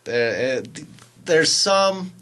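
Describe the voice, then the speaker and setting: A man's voice: a little high, lively intonation, slow, a bit bright. Chill guy rambling on a podcast, slangy, lots of ums and likes. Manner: laid-back, slangy, lots of fillers. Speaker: podcast co-host. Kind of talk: casual chat.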